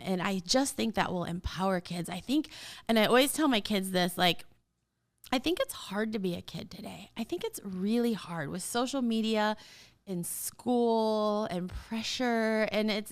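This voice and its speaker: A woman in her forties hosting a casual podcast, talking straight to parents in an animated, emphatic way and often laughing. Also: medium pitch. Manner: talks straight to listeners as a parent. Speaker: podcast host.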